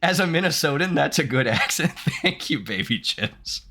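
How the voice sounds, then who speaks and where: A man's voice: a little high, expressive, normal speed, pushed and bright, faint music behind. A man from the United States streaming gameplay, reading game text aloud and chatting playfully with his viewers, laughing often. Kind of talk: live-streamed gameplay commentary.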